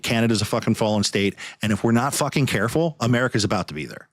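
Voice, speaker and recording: A man's voice: fairly low pitch, expressive, fast talker, no echo, clean studio sound. A podcast host man ranting in anger, swearing heavily as he talks. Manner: angry, profane, heavy swearing. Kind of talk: heated podcast rant.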